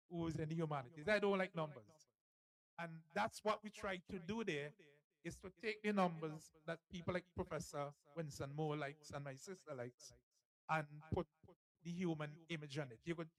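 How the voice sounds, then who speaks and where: Jovial author-host, slightly high man's voice, teasing and laughing. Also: fairly bright tone, rough recording. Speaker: author and host of a book launch. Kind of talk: lively live event hosting.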